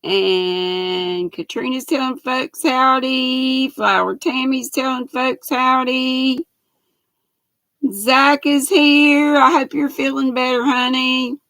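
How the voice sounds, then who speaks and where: An older Southern woman with a bright, high voice and a gravelly edge, talking slow and easy as she hosts a livestream. She greets each of her viewers by name in a chatty, folksy way. The sound is close and dry. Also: fairly even intonation, no room sound, low-quality recording. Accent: Southern American. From Southern United States. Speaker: livestream host. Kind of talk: casual chat with viewers.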